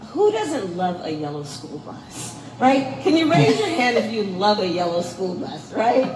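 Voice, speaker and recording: A woman's voice: mid-range voice, very animated, measured pace, a little mellow, roomy sound, a little hiss or hum, rough recording. A woman giving a public speech in a sing-song manner, asking the audience questions. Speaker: speaker addressing a crowd.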